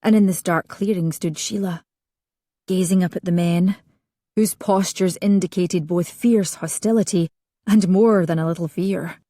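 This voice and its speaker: Low-voiced woman narrating an audiobook. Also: steady tone, normal speed, warm tone, no echo, clean studio sound.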